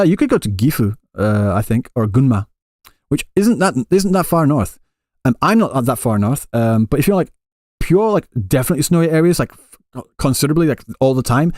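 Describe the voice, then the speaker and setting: A man's voice: mid-range voice, darkish tone, dry recording. Rambling male streamer, dry close sound. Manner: rambling, many restarts, conversational. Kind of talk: casual chat answering live chat. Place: Japan, Kansai area.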